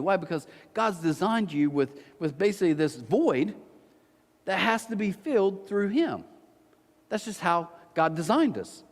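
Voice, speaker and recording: A man, a pastor, delivering a sermon with animated storytelling and self-mocking humor. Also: sits high, in a large hall. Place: church auditorium.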